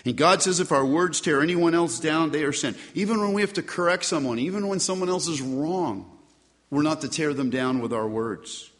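A pastor preaching a sermon, stressing key phrases with rising and falling delivery. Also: male voice, on the high side, normal speed. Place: church sanctuary. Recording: long reverb of a church hall.

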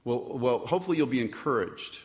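A man's voice: mid-range voice, lively intonation, brisk. A middle-aged male pastor preaching a sermon in a conversational way, asking the congregation questions and acting out the quotes he tells. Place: church sanctuary. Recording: long reverb from a large hall.

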